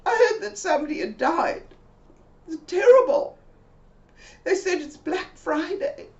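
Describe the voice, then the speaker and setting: A fretful, dramatic lady, as a woman storyteller puts her on, her high voice swooping and wailing. It sounds dull and a little muffled, in an echoey room. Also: sing-song, unhurried, darkish tone, recorded from a distance, heavily acted. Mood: panicked. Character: panicky elderly woman friend, fretful and dramatic.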